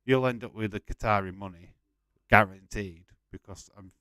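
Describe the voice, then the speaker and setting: A man's voice: fairly low pitch, moderate pace, pushed and bright, no echo. A man hosting a casual live watch-along stream, chatting loosely with frequent swearing and rambling restarts. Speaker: livestream host.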